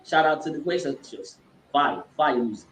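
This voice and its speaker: A man's voice: a little high, a little fast, slight background noise. A man co-hosting a podcast, telling stories in casual, slangy banter. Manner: slangy, animated. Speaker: podcast co-host. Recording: echoey room.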